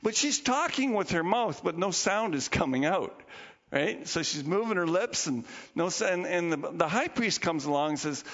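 A gravelly, fairly high-voiced man preaches, retelling stories and popping into quick voices for the people in them. His voice carries a long hall reverb on a dull, lo-fi recording. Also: lively intonation, fairly bright tone. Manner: storytelling with acted quotes and chuckles. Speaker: pastor. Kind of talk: sermon.

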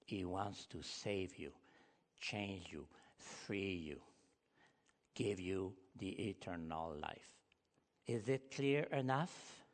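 A man's voice: sits low, slow. A pastor preaching a sermon with emphatic, rising delivery, speaking English as a with as his first. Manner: emphatic preaching, rising loud on key points, non-native grammar. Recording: long hall reverb.

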